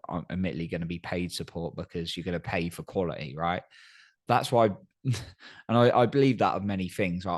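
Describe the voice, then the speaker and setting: A man hosting a solo podcast, giving earnest coaching advice and often checking in with "right?". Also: sits low. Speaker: podcast host. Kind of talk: solo motivational podcast talk.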